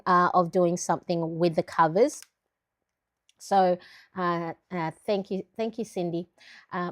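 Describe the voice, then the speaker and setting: A woman's voice: medium pitch, a little mellow. A middle-aged woman hosting a casual live stream, chatting and greeting viewers by name. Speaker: planner channel host.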